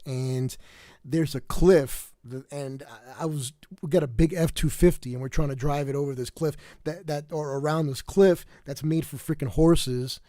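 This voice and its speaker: Tired New York man, livestream host; raised voice, dark mellow tone, dead-dry sound, rambling delivery. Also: fairly high pitch, no room sound. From South Bronx, New York. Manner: rambling, many fillers and restarts. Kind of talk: casual livestream chat.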